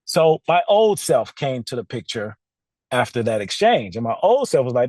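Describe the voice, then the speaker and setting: Brief: animated male podcast host, chatty and laughing, in a dry studio. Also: mid-range voice, normal speed, dry recording. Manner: animated, laughs often, talks straight to listeners. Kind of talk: casual storytelling monologue.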